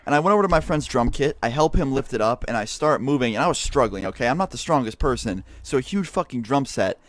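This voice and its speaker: Fast-talking young man telling a story. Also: medium pitch, no echo. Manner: animated, profane, heavy swearing. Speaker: YouTuber. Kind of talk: casual storytelling over gameplay. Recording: game sounds and gunfire behind voice. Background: gunfire and clicks from a game.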